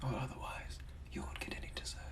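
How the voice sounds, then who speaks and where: A man voicing a genteel, menacing British gentleman from the 1800s, in a whispered role-play with a silky, possessive, threatening manner. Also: mid-range voice, measured pace, very noisy, lightly acted. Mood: whispered menace.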